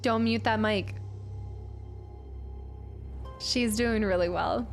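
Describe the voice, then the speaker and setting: A woman's voice: medium pitch, slow, vocal fry, soft background music. A woman streaming a game live and chatting casually as she thinks aloud through puzzles. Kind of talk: live gameplay commentary.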